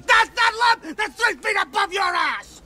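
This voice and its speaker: An actor playing a blunt man who shouts a scolding, heard as a distant film clip. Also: very high voice, measured pace, some chatter behind, exaggerated voice.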